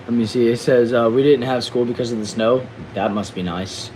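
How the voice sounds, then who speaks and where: A man's voice: medium pitch, steady tone, fairly quick, a little mellow, a little hiss or hum, low-quality recording. A young man with a Southern accent from Texas, casually reading viewers' comments on a livestream in a slangy, laid-back way, often stumbling over and repeating words. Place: back shed.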